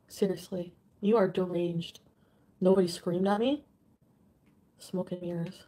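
A woman's voice: fairly low pitch, steady tone, slow pace, long pauses, mellow. A woman live streaming, reading out viewer comments in an emotional way and swearing often.

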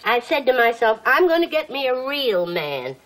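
A woman's voice: fairly high pitch, sing-song, normal speed, fairly bright tone, rough recording. An actress playing a doting, chatty housewife mother in her forties, with a gushing, sing-song manner. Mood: fussing. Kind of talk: film drama acting.

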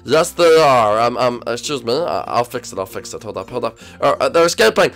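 Excitable young man, bouncing pitch. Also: quick pace, creaky. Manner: excitable, swings from loud shouts to mumbling. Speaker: YouTube host and role-player. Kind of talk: Minecraft role-play commentary.

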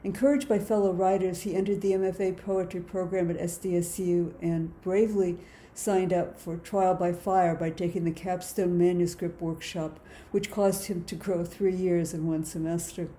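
A woman's voice: fairly low pitch, little pitch movement, normal speed, few pauses, dark tone, slight background noise. A woman on the program faculty reading a formal introduction of the next reader. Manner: formal, read from notes. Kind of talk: scripted introduction.

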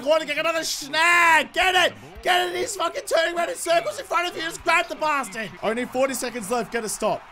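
A young man giving excited, sweary gameplay commentary, swinging between shouts and mutters. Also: very high voice. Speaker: gaming YouTuber.

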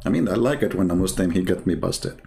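Male host, Arabic accent, native Arabic speaker, mocking and rambling livestream commentary, highly animated pitch. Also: fast, gravelly, a little hiss or hum. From Middle East. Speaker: channel host and religion critic.

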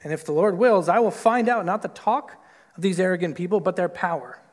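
Male pastor, conversational sermon delivery, acts out quotes, high-pitched, church with a long reverb tail. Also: fairly quick. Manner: conversational, lots of "like" and "right?"; acts out quoted voices with big pitch jumps. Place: church sanctuary.

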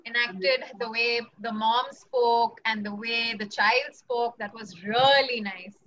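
High, bright woman gushing praise. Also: fairly even intonation, slow. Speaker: judge. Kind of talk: praising performers. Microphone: video call. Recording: dull call audio with faint noise.

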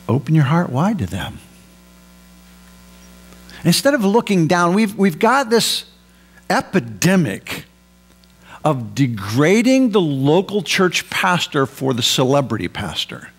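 Male pastor, sermon, high voice, gravelly edges, emphatic, faint hum. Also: sing-song, slow pace, long pauses. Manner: emphatic preaching, rising for stress and dropping low for asides.

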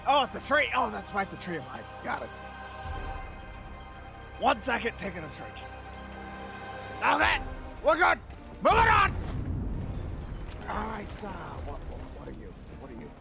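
Man putting on a brash alien prince for a let's-play, high gravelly yells, wildly swinging pitch, game music behind. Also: wildly swooping pitch, unhurried, long pauses, exaggerated voice. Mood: ranting, gaming. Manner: swearing, shouting outbursts at the game. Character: arrogant hot-headed alien warrior prince, male adult. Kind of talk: gaming commentary in character.

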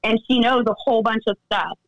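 A woman guest on a podcast interview, recounting events in an animated way and acting out the voices of others. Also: a little high, brisk, dry recording, lo-fi sound. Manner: animated storytelling, acts out quoted dialogue. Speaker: interview guest, friend of the deceased.

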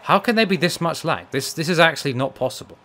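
A man's voice: a little high, animated, fast, pushed and bright. A man streaming a fighting game, ranting and swearing at his opponents and the game. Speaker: gaming streamer. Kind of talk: live gameplay commentary.

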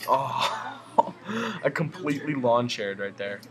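A young man doing goofy gameplay commentary, muttering asides and then breaking into high excited yells. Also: takes it slowly, noisy background.

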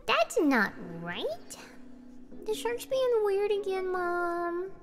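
A woman's voice: very high-pitched, very animated, very slow. A woman streaming karaoke, chatting between songs in a giggly, rambling way, a little out of breath. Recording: backing music under the voice. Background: karaoke backing music.

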